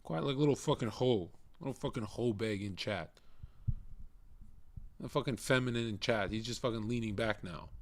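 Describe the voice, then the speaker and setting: A man's voice: medium pitch, normal speed, slight background noise. A man live streaming, ranting angrily and hurling mocking, profane insults at a viewer in chat. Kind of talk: angry rant at a chat viewer.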